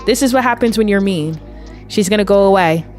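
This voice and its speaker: A woman's voice: medium pitch, a little fast, a little mellow, soft background music, natural voice. A woman voicing a charming, mischievous vampire uncle who lectures a child on using charm. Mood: coaching. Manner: coaxing, lecturing a kid on charm. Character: smooth-talking adult male vampire uncle, mischievous mentor.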